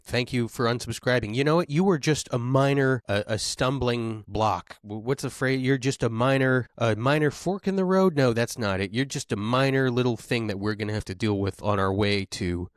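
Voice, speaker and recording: Brief: man in his thirties doing a solo stand-up rant, self-deprecating and exasperated, medium pitch, dry close recording. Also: moderate pace, no echo. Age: 30s. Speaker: podcast host. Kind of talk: stand-up comedy monologue.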